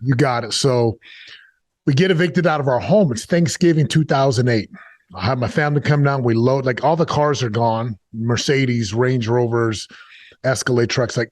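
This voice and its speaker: A man's voice: medium pitch, darkish tone, dry recording. A middle-aged man, a guest in an interview, telling a painful personal story in an earnest, confessional way, with bursts and repeated words.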